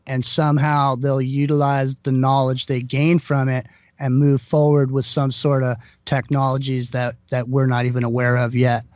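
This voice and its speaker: A man talking casually on a live show, speaking haltingly with many restarts. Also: medium pitch, a little mellow, no echo, muffled recording.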